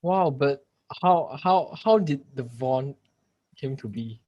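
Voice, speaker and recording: A man hosts a live-streamed video call interview, answering with quick affirmations and easing into his questions with pauses. His voice is pitched in an ordinary middle range. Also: animated, mellow, highs cut off. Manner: encouraging, gives brief affirmations, asks halting questions.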